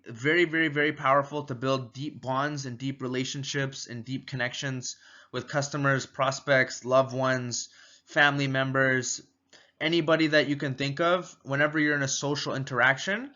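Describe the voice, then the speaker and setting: Male sales trainer, bright and punchy, casual and repetitive delivery, slightly muffled lo-fi recording. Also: mid-range voice. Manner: energetic, repetitive, acts out little door-step exchanges. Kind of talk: casual teaching video.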